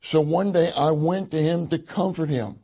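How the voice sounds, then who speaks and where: A man giving an earnest sermon to a congregation, reading passages aloud and slowing down to stress key words. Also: fairly high pitch, steady tone, dark tone. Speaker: church speaker.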